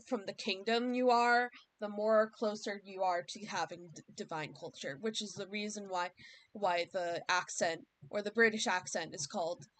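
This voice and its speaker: A woman's voice: mid-range voice, fairly bright tone. An American woman chatting casually on a livestream, thinking aloud and circling back to rephrase as she explains. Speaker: streamer and series creator.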